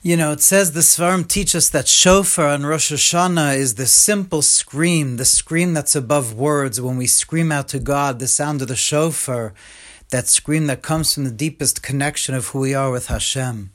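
A man, a Jewish religious teacher, giving an earnest devotional Torah talk. He stretches out the prayer words as he pleads and often sinks into a hushed, soft voice. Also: fairly high pitch, normal speed.

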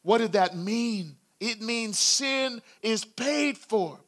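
A man giving a sermon, retelling a story dramatically with acted shouts and hushed passages. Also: high voice, takes it slowly. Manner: dramatic storytelling, acting out crowd shouts, dropping to a hush. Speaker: preacher.

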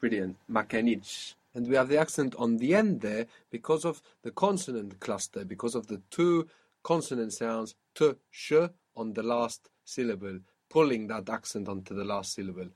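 A man teaching a one-on-one spoken language lesson, patiently explaining and modelling words slowly. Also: mid-range voice, husky.

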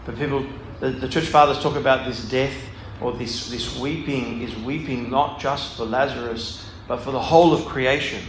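A man's voice: medium pitch, fairly even intonation, normal speed, few pauses. Casual man leading a scripture talk, echoey room. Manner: digressive, thinks aloud, reads passages then explains them informally. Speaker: Bible study speaker. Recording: echoey room with faint background noise.

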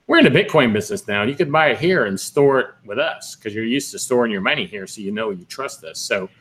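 A man's voice: mid-range voice, expressive, fast talker, a bit bright. A man chatting casually as a podcast co-host, telling stories with lots of fillers and restarts. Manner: rambling storyteller, lots of fillers. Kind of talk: casual chat.

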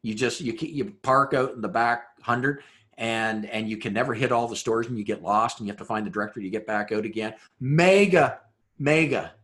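A man preaching a sermon, building through rhetorical questions and dropping to a hushed voice for emphasis. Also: fairly low pitch, steady tone, a little fast. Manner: dramatic rhetorical questions, swings between loud and hushed. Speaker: pastor.

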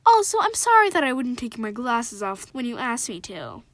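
A woman's voice: on the high side, sing-song, moderate pace, a bit bright, no room sound. A young female reader voicing an earnest, formal boy who wears glasses.

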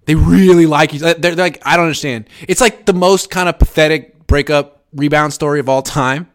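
A man hosting a casual live sports chat, reading viewer comments and giving sarcastic, animated takes. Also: brisk. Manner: animated, sarcastic, jumps up in pitch for emphasis.

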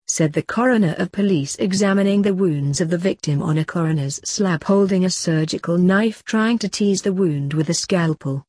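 Husky woman reading a dark story. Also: fairly low pitch, normal speed, hardly any pauses, dry recording. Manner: plain, steady narration.

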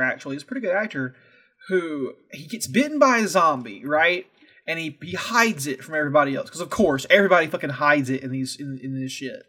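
A man co-hosting a podcast, chatting casually with animated, profane, jokey storytelling. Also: a little high. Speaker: podcast co-host. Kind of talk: casual chat.

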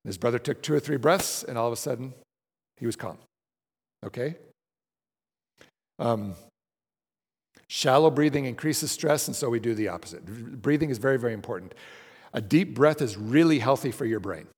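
A man of middle pitch leads a group through breathing exercises and recitation in a large room. His casual, conversational teaching keeps checking in with the listeners, and a long hall reverb trails his voice. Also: expressive, moderate pace, pauses often, breathy edge. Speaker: class leader.

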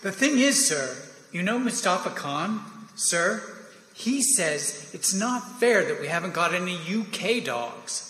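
A man's voice: high voice, expressive, measured pace, sharp tone, heavily acted. A man reading the part of an eager young army lieutenant who keeps pleading with his superior in a staged play reading. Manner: wheedling, persistent, keeps saying sir. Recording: echoey reverberant hall.

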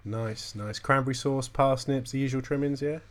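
A man's voice: mid-range voice, fairly even intonation, normal speed. A man hosting a podcast in casual chat, hesitant, with many ums and chuckles. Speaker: podcast host.

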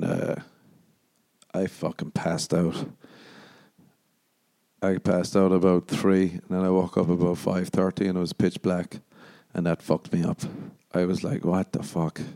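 An Irish man hosting his own podcast, rambling through profane, meandering stories with the odd quick mock voice. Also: deep voice, creaky, dark tone. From Ireland. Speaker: podcast host and stand-up comedian. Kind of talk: casual rambling solo podcast monologue.

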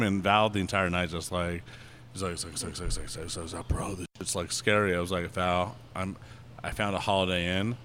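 A man's voice: medium pitch, pushed and bright, a little hiss or hum. Rambling, giggly man telling a story. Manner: rambling, filler-heavy with frequent laughs. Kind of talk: casual storytelling.

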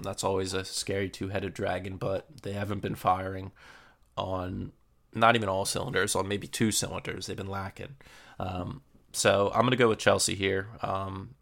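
A young man hosting a casual football podcast, previewing matches in a relaxed way with lots of fillers. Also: sits low, gravelly. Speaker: podcast host.

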